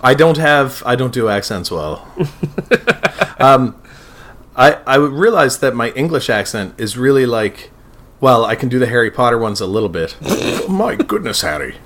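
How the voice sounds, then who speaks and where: A man's voice: mid-range voice, moderate pace, fairly bright tone. A man co-hosting a podcast in casual chat, rambling, swearing and laughing often. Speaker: podcast co-host.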